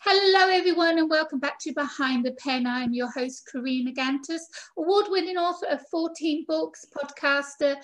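High-pitched lady podcast host, chatty, kinda rambly interview style. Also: normal speed, few pauses, a bit bright, faint music behind. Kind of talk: casual interview chat.

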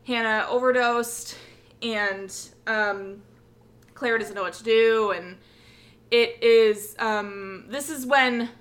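This young woman, a podcast co-host, speaks with a fairly high, slightly bright voice. She recaps episodes in casual chat, acting out characters' lines with plenty of swearing and laughter.

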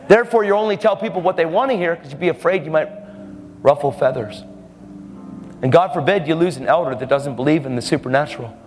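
A man preaching a sermon boldly and emphatically, with laughing asides. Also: on the high side. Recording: hall reverb with faint music.

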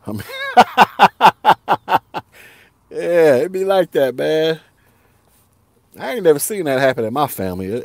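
Animated slangy man ranting on a podcast. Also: medium pitch, no echo. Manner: animated, slangy, laughs often, repeats himself. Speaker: podcast host. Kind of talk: casual solo podcast rant.

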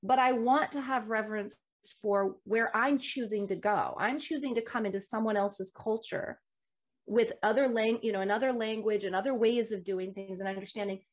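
A woman in a casual conversation, telling stories in an animated, emphatic way. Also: medium pitch, moderate pace. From United States. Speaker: guest.

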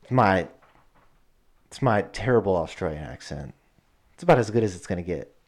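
A man's voice: low-pitched, expressive, moderate pace. A man co-hosting a podcast, chatting casually in a rambling, joking, profane way. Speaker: podcast co-host.

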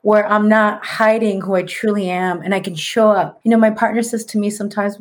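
A woman in her late forties, a psychic medium, telling her story in a casual, animated way and mixing in Spanish words. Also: medium pitch, a little fast, hardly any pauses. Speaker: podcast guest, psychic medium.

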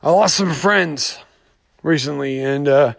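Speaking slowly in a fairly high, creaky voice, a podcast host talks off the cuff about personal matters. The monologue rambles, he sounds upset, and he keeps starting over.

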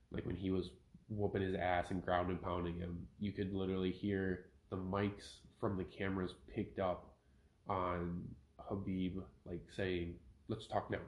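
A man's voice: low-pitched, darkish tone. A man hosting his own podcast, reading a news article aloud and breaking off to rant with opinionated asides. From Minnesota. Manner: opinionated, ranting, self-correcting. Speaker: podcast host. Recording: roomy home podcast recording.

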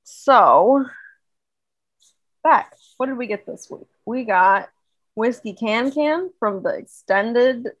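A woman's voice: a little high, lively intonation, slow pace, a bit bright, no room sound, dull audio. A woman co-hosting a podcast in casual, upbeat chat, full of "like" fillers. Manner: chatty, upbeat, many "like" fillers. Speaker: podcast co-host.

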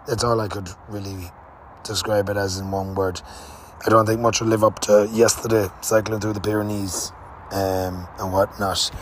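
A man's voice: fairly low pitch, flat delivery, normal speed, slight background noise. Man rambling through a travel story. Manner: rambling storyteller, swears, lots of fillers. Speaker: podcast host. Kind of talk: casual spoken travel diary.

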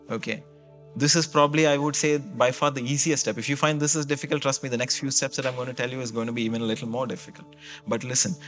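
A man's voice: medium pitch, fairly bright tone. A man preaching a sermon as pastor, in a conversational way that keeps checking in with his listeners.

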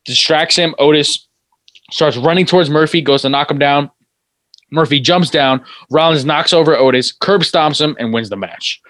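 A man's voice: fairly high pitch, moderate pace, a bit bright, no echo. A man co-hosting a casual wrestling podcast, recapping matches play-by-play. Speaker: podcast co-host. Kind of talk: casual chat.

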